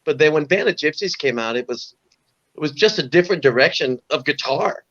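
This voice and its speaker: A man's voice: on the high side, expressive, a little fast, fairly bright tone. Rambling older man, lo-fi sound. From Orange County, California. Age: 60s. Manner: rambling anecdotal, frequent "you know" and repeats. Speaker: guest musician. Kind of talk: casual storytelling interview.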